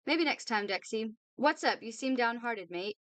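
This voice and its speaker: A woman voicing a brash, chummy female showbiz agent who coaxes and flatters, in a read-aloud novel. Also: on the high side, normal speed, no room sound. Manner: chummy, coaxing.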